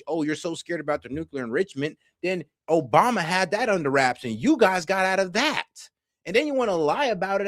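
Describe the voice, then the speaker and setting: Animated, slangy male streamer. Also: sits high, no room sound, clean studio sound. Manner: animated, slangy and profane, talks straight to the viewers. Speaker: political commentary streamer. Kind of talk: casual reaction commentary.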